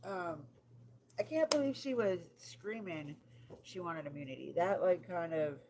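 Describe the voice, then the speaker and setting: A woman's voice: lowish voice, expressive, unhurried. Woman streamer venting while decorating cakes, blunt and cussing, lots of hiss behind her. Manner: blunt, profane, exasperated. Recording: noisy home recording.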